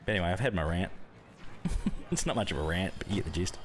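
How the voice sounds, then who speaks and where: A man's voice: deep voice, lively intonation, quick pace, faint music behind. Chatty Australian man streaming live. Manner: chatty, laughs often, greets viewers by name. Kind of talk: casual live-stream chat with viewers.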